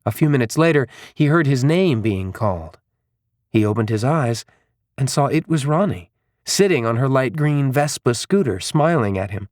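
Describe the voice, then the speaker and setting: Man reading an audiobook, steady even narration, mid voice, dry close mic. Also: medium pitch, moderate pace, no echo. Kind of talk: scripted narration.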